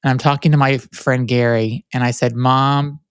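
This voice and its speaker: A man's voice: mid-range voice, fairly even intonation, brisk, clear, resonant tone, dry recording, clean studio sound. A man hosting a podcast, chatting casually, telling stories and giving lots of affirming replies. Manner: chatty, storytelling, frequent affirming fillers. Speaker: podcast host. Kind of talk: casual interview conversation.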